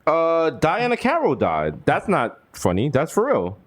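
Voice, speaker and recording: A man from the Bronx co-hosts a comedy podcast in loose, teasing chat. His voice sits fairly high and swings widely in pitch as he riffs and jokes. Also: huge pitch swings, a little slow. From the Bronx, New York. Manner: joking, teasing, riffing. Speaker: podcast co-host.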